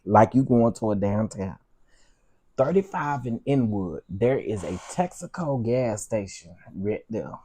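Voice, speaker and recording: A man chats casually on his livestream, full of slang and playful asides. His husky, mellow voice swings up and down a lot, and his pitch sits on the low side. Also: unhurried, no room sound. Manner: chatty, animated, Southern slang. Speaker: livestream host. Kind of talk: casual live-stream chat.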